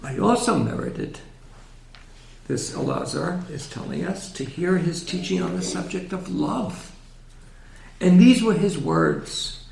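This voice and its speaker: A man giving a gentle, reflective religious lecture in a synagogue hall, often asking his audience questions. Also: sits high, big pitch swings, takes it slowly, creaky, slight background noise.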